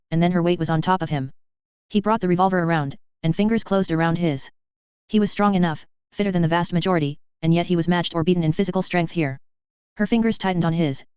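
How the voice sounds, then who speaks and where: A woman narrating a novel in a brisk, steady reading. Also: lowish voice, clear, resonant tone, dry recording, highs cut off. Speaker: audiobook narrator. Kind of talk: scripted narration.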